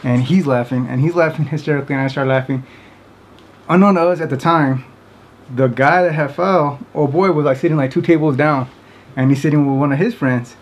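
A man's voice: on the high side, brisk. A man casually telling a funny story to camera, rambling with many fillers and often breaking into laughter. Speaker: vlogger.

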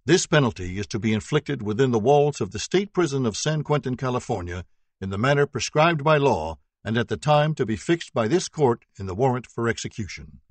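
A man voicing a judge speaking to the court in a measured, formal way. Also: mid-range voice, lively intonation, no room sound, close to an everyday voice.

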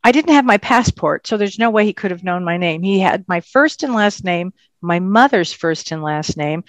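A woman, a psychic medium, telling her story in a casual interview with an animated, emphatic manner. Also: fairly low pitch, moderate pace, no echo.

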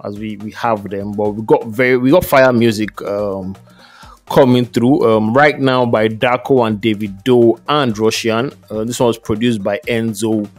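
A man co-hosting a relaxed music podcast, reading through lists of nominees at an easy pace and laughing often. His voice sits in a middle range, and faint music plays underneath. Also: medium pitch. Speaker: podcast co-host. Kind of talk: casual podcast chat.

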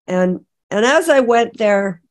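A middle-aged woman from Canada, a podcast guest, telling an emotional personal testimony in a halting way with many restarts. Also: a little high, animated. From British Columbia, Canada. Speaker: interview guest.

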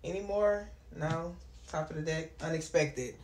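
A woman doing a casual tarot reading, chatty and prone to excited exclamations. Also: low-pitched, a little slow. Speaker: tarot reader. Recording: echoey room with clear background noise.

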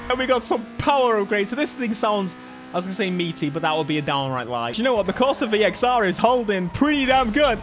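A young British man giving excitable, joking gameplay commentary with frequent laughter. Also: high-pitched, fast talker. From Britain. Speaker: gaming YouTuber. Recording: music from the game behind.

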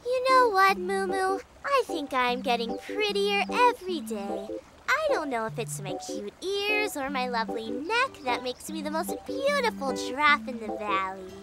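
A preening cartoon giraffe girl, high and lilting. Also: sing-song, measured pace, over loud music. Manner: sing-song, self-admiring. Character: vain, dreamy young female cartoon giraffe.

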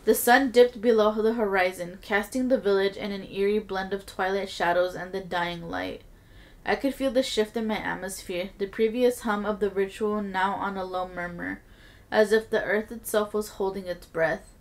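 A woman podcast host reading a creepy story aloud with steady storytelling and blunt, casual asides. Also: medium pitch, moderate pace.

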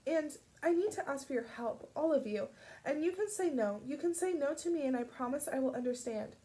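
A woman voicing a shaken teenage girl whose voice is gravelly and raw, speaking haltingly and urgently. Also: high-pitched, lively intonation, warm tone, voice pushed up.

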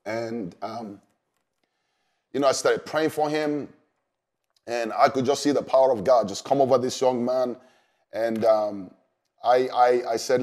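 A man, a pastor, telling a personal story in an earnest, unhurried way with many fillers. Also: mid-range voice, a little mellow. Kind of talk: storytelling testimony.

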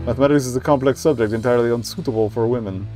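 A man's voice: medium pitch, very fast, warm tone, soft background music, close to an everyday voice. A man voicing a pompous, dismissive elderly male math professor who talks down with haughty condescension. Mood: condescending.

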